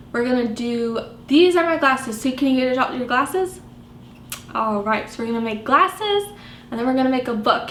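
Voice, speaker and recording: A woman librarian reading picture books aloud to young children, animated and sing-song, asking them questions as she goes. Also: high voice. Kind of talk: storytime read-aloud for children. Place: library room. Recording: echoey room with faint background noise.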